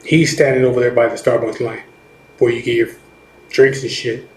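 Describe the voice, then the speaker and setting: A man's voice: medium pitch, level tone, moderate pace, a little mellow. A middle-aged man, a biker, telling a personal story in a rambling, profane way, full of restarts and "you know what I mean", while recovering from chemotherapy. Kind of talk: casual storytelling. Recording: echoey room.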